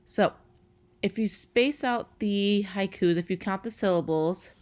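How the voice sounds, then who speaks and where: A woman teacher recording a lesson for her class, talking casually with many fillers and slowing down to count syllables aloud. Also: mid-range voice.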